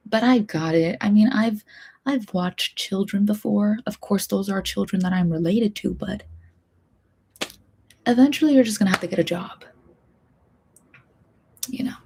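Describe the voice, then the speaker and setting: Young woman streamer, breathy and husky, soft-spoken rambling chat that keeps dipping into whispers. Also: medium pitch, moderate pace, pauses often. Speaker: streamer and hobby voice actor.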